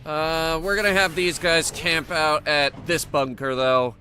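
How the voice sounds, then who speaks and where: A man with a bright, forward voice talks his way through a strategy game stream. He chats loosely, laughs at the game and orders his units around out loud. Light music plays underneath. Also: on the high side, fairly even intonation, unhurried. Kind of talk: casual let's-play commentary.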